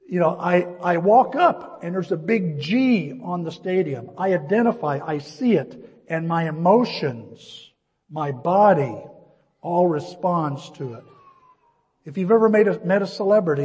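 Midwestern male pastor, middle-aged, high husky voice, lively anecdotal sermon delivery. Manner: storytelling, animated, addresses listeners as folks. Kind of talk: sermon with personal story. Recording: long reverb of a large hall.

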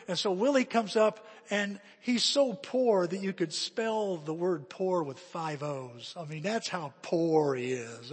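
A man preaching a sermon, telling a story in an animated way and dropping to hushed appeals. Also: on the high side, slightly rough, long reverb tail. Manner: animated, repeats himself, drops to hushed appeals. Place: church.

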